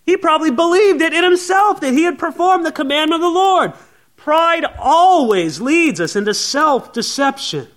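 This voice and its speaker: Man preaching a sermon, high voice, earnest, keeps asking questions and saying friends. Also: lively intonation, moderate pace, a bit bright. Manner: earnest, addresses listeners as friends, rhetorical questions. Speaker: pastor.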